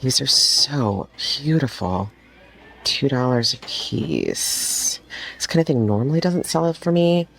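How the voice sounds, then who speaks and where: A woman reseller talking casually in a thrifting vlog, excitable and gushing, often dropping into a whisper, recorded on a handheld phone in a thrift store. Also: very deep voice, measured pace, vocal fry. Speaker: vintage home decor reseller.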